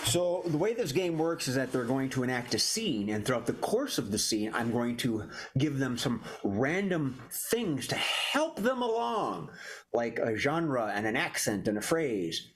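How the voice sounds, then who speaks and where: A man's voice: medium pitch, big pitch swings, a little slow. A man hosting an online improv comedy show, announcing games and scene prompts in a jokey way. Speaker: improv game host.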